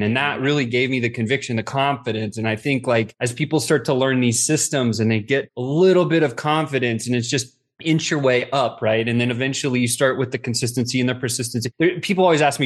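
A middle-aged man, a podcast guest, telling stories in a casual, animated way and acting out the quotes. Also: mid-range voice, fast talker. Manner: animated, acts out quotes with swearing. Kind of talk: casual storytelling.

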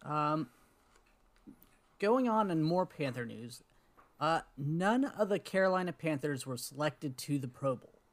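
A man's voice: on the high side, lively intonation, a little slow. Male podcast co-host, chatty. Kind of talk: casual sports podcast chat.

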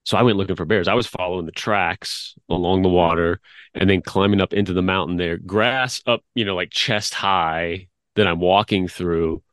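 Brief: deep-voiced man in his fifties, easygoing guest who rambles through stories, dry recording. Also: normal speed, a bit bright, no room sound. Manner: rambling storyteller, laughs often. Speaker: guest, media producer. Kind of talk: casual interview chat.

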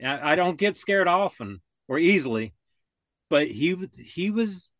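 A man's voice: a little high, animated, a little slow, a bit bright, no echo. Older man rambling through a story. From Florida. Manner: rambling, restarts often, acts out quoted voices. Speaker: podcast guest. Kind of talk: casual storytelling.

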